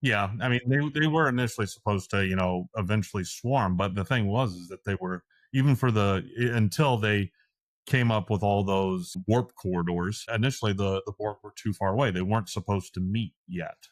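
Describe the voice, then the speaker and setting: A man co-hosting a casual podcast chat, talking fast with halting restarts. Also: fairly low pitch, dry recording. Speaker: podcast co-host.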